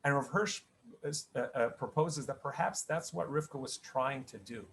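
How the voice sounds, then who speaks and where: A man's voice: medium pitch, normal speed, vocal fry, fairly bright tone. Middle-aged rabbi guy teaching the weekly portion, chatty, keeps restarting and saying right?, bit of faint background noise. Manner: conversational, with frequent restarts and repeated "right?". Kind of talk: spoken Torah lesson.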